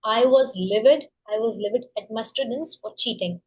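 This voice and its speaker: Woman student, eager questioner, slightly high voice, muffled video-call sound. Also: moderate pace, a little mellow, slightly rough. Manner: eager, asks many questions. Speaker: English learner. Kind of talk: casual practice conversation.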